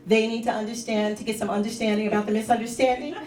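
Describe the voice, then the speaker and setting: A woman's voice: on the high side, quick pace. Woman doing stand-up in an echoey club. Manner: deadpan dark jokes, talks to the crowd. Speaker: stand-up comedian. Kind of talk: stand-up comedy set. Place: comedy club stage with audience. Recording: echoey club, mic heard from a distance.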